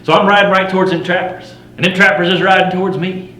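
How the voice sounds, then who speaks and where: A middle-aged man playing a boastful frontier fur trapper, spinning a first-person campfire tall tale in a folksy drawl with rough frontier grammar, wry and swaggering. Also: high voice, little pitch movement, quick pace, sharp tone. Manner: swaggering, wry, chuckling at his own yarns. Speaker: living history storyteller. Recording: roomy recording with faint hum.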